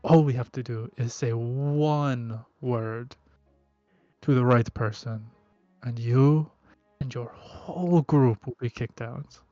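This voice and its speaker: A man's voice: medium pitch, slow, mellow, dry recording, lo-fi sound, faint music behind, natural voice. A man voicing a threatening male Minotaur enforcer in a tabletop game. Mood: menacing. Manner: threatening, cold.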